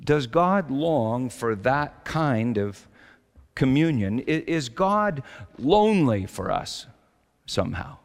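A male pastor preaching a reflective sermon, slowing down to stress his key lines. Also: medium pitch, sing-song. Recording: long hall reverb.

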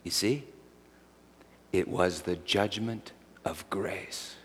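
Preacher telling a story in a reverberant hall. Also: male voice, low voice, slow pace, slight background noise. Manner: dramatic storytelling that turns soft and meditative. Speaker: pastor. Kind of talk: sermon storytelling.

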